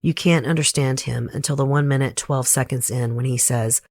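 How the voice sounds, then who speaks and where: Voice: medium pitch, steady tone, normal speed, a little mellow, dry recording. Southern-accented true crime host, dry close mic. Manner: blunt, opinionated asides. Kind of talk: scripted true crime narration with personal commentary.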